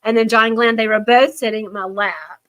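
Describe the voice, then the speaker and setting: Bright-voiced older woman chatting. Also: fairly high pitch, moderate pace, low-quality recording. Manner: animated storyteller, acts out quoted voices. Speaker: host of a yarn shop show. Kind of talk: casual chat.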